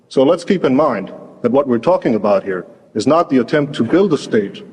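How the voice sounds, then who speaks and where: Measured man arguing in an archival debate. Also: mid-range voice, expressive, a little mellow, slightly rough, in a large hall. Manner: measured, argumentative, quotes sources. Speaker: debate guest.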